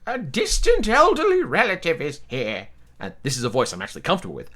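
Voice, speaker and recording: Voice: medium pitch, wildly swooping pitch, fast talker, fairly bright tone. A host playing a tabletop role-play game, talking in a playful, theatrical way and laughing often. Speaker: game player and channel host.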